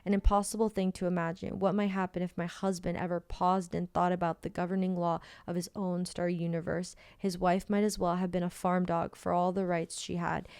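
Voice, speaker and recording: A woman co-host reading a novel aloud in a steady first-person narration. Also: on the low side, fairly quick, hardly any pauses, smooth, no room sound. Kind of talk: reading a novel aloud, then casual chat.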